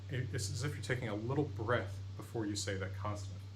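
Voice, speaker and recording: A man's voice: medium pitch, fast, a little hiss or hum, low-quality recording. A man teaching pronunciation in a lesson video, patiently demonstrating each sound. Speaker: language teacher.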